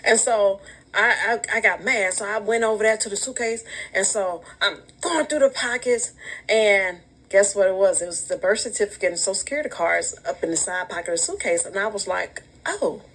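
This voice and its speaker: A woman telling a personal story casually, animated and emotional, laughing through it. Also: mid-range voice, brisk, rough recording. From Alabama, US.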